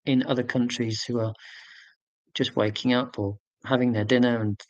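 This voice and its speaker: A man's voice: mid-range voice, flat delivery, moderate pace, no echo, dull audio. A man in his forties hosting a casual live stream. He rambles chattily, answering viewer comments with fillers and self-corrections. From United Kingdom.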